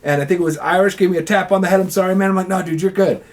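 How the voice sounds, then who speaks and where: A man with a fairly high voice chats casually. He laughs often, swears freely, and jumps into loud put-on voices when quoting others. His stories come in quick bursts. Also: steady tone, a crowd in the background. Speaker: airsoft player. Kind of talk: casual chat.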